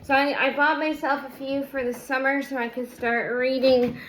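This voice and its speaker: A woman's voice: high voice, flat delivery, normal speed. Chatty young woman vlogger, noisy room. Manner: rambling, chatty, many fillers. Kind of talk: casual unboxing vlog. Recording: noticeable background noise.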